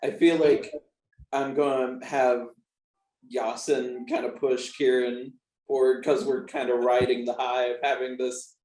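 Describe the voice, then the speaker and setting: Dude playing a tabletop game, talks slow and halting, roomy echo. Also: male voice, medium pitch, level tone, darkish tone. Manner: laughing, halting, full of 'like'. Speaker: player. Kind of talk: casual chat while playing a tabletop game.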